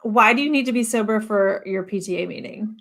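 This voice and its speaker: A woman's voice: medium pitch, brisk, a bit bright. A woman in a casual video chat, joking and teasing the others. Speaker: guest. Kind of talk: casual chat on a virtual happy hour. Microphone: video call.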